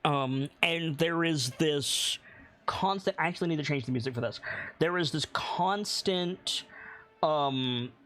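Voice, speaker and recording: Slow, descriptive male game master. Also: fairly high pitch, fairly bright tone. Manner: slow, descriptive, builds scenes piece by piece. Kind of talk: narrating a tabletop game.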